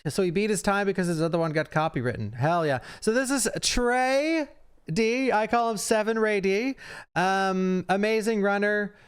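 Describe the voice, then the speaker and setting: Young male streamer, casual reaction commentary, smooth clear voice, slightly higher pitch, chatty with fillers. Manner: chatty, fast asides, frequent fillers.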